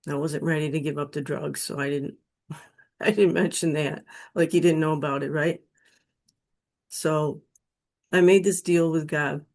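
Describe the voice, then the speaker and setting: A middle-aged woman from Western New York slowly telling a personal spiritual testimony, emotional and earnest. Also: sits low, steady tone, a little mellow. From Western New York State. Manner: slow, emotional, pleading when quoting her prayers. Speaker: guest telling her near-death experience story.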